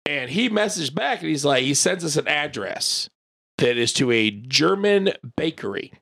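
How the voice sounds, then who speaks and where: A podcast co-host telling a long, rambling story in casual chat, full of "like" and the odd swear word. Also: male voice, a little high, big pitch swings, moderate pace, vocal fry, fairly bright tone.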